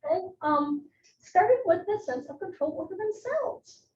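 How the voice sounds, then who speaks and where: Lively high-voiced woman presenter in an echoey room. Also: moderate pace. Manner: conversational, animated, with personal asides. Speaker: psychiatric nurse practitioner, presenter. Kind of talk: live educational presentation. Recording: echoey room, distant mic, muffled, faint noise.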